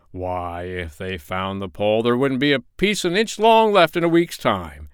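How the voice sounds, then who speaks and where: Man putting on a booming old Santa, hearty and brisk, lively swings in pitch, storybook reading. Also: clean tone, no room sound, studio quality, close to an everyday voice. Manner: loud, hearty proclaiming.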